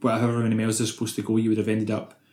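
A young man, a podcast co-host, retelling film scenes in quick, sweary casual chat. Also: lowish voice, monotone, darkish tone, reverberant.

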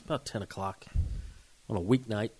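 A man in his forties, co-hosting a podcast, telling a story in a casual, animated way and acting out the shouts. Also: on the low side, normal speed, breathy edge. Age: 40s. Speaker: podcast co-host.

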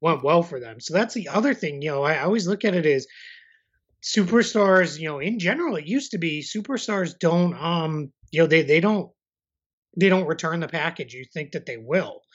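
A man's voice: fairly high pitch, lively intonation, moderate pace, husky. Easygoing man on muffled audio. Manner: rambling, easygoing. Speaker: podcast co-host. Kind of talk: casual basketball podcast chat.

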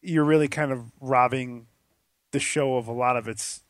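A man co-hosting a casual podcast, animated and jokey in his talk. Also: medium pitch, moderate pace, dry recording, studio quality. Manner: animated, jokey, drops to a near-whisper to imitate soft talk. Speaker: podcast co-host.

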